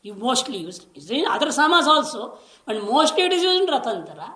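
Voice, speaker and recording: A woman with a slightly high voice leads a scripture class, patiently explaining and repeating each key word, now and then slowly chanting a Sanskrit line. Her voice rings out in a roomy, echoey space. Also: very animated, bright, forceful tone. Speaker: scripture teacher. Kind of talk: lecture on scripture.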